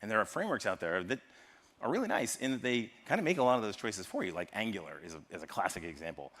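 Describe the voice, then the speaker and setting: An American man giving a lively, joking tech talk at a live conference and quizzing the audience. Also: fairly low pitch, quick pace. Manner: lively, jokey, polls the audience. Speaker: conference speaker. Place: large conference hall. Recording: long hall reverb from a live stage.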